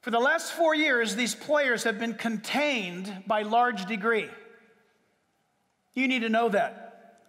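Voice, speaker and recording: A man preaching a sermon as pastor to his church, emphatic, with sudden leaps in pitch and long drawn-out words. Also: bright, forceful tone. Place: church sanctuary. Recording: reverberant hall.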